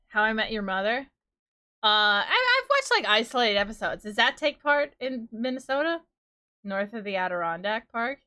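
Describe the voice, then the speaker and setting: A woman in her thirties with a New York accent chats with her live-stream audience at a desk mic. Her voice is bright and a little high. She rambles, laughs often and slips into playful quoted voices as she riffs. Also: sing-song, a little slow, pauses often. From New York, USA. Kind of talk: casual live-stream chat with viewers.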